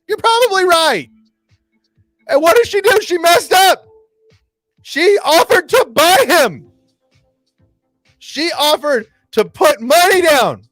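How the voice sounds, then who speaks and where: A male fan-channel host talks through an episode in a loose livestream style, excitable and quick to act out lines in voices. His voice sits high and swings widely in pitch. The sound is close and dry, with faint music underneath. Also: no echo. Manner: excitable, acts out quotes in voices. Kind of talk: casual livestream episode recap.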